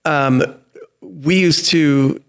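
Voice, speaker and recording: Gravelly, higher-voiced male co-host. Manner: chatty, quick to agree and chime in. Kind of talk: casual podcast chat.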